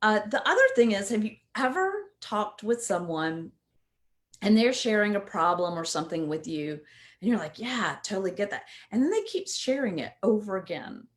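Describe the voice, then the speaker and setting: A woman's voice: medium pitch, big pitch swings, normal speed. Woman coach explaining stuff casually, voice bounces up and down a lot, keeps asking "right?". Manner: conversational, often asks "right?". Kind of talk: casual instructional talk.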